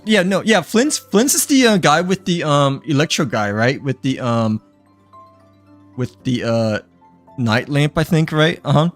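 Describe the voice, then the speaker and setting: A young man chatting casually on a live stream, rambling with lots of fillers and self-corrections, a little stuffy and short of breath. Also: medium pitch. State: runny nose, a little out of breath.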